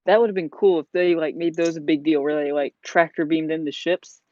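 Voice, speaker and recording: Rambling hobby vlogger, mid pitch, filler-heavy casual chat, dull lo-fi recording. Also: fairly even intonation, a little fast, warm tone, dry recording. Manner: rambling, lots of "like" and "you know". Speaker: vlogger building a model. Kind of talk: casual chat while building. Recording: dull lo-fi sound.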